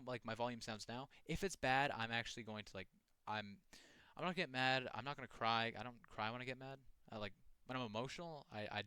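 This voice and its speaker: A young man with a bright, forward voice talks casually over a horror game. He rambles, stops and restarts his sentences, and fills the gaps with constant "like" and "um". His pitch sits in the middle range for a man. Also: clean tone, no room sound. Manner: rambling, halting, many fillers and restarts. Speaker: gaming channel host. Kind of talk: casual gameplay commentary.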